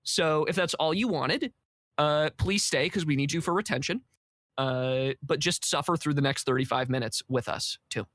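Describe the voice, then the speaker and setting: A man's voice: a little high, normal speed, a bit bright, dry recording, clean studio sound. A man hosting a movie podcast in casual chat, joking and hamming it up. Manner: jokey, hammy. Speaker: podcast host.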